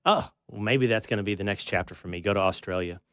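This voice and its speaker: Quick-paced American man host, dry close sound, chatty. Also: fairly low pitch, fairly bright tone, clear, resonant tone, no echo. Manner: rambling, chatty questions. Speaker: show host. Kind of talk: casual interview chat.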